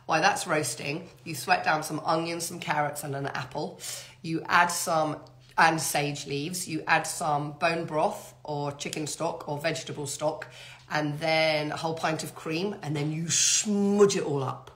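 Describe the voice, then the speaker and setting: Lady doing a live q&a, chatty, a bit low, still getting over a cold. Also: level tone, fairly bright tone. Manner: chatty, reads greetings aloud and answers quickly. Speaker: host answering viewer questions. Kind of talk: live Q&A chat reading out comments.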